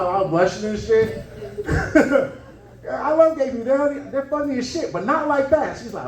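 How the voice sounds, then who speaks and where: A man's voice: very high-pitched, animated, moderate pace, long pauses, noisy background. A man performing a stand-up comedy set, telling stories and acting out the people in them. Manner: storytelling, acting out characters. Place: comedy club stage with live audience. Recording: roomy, distant room recording with crowd laughter.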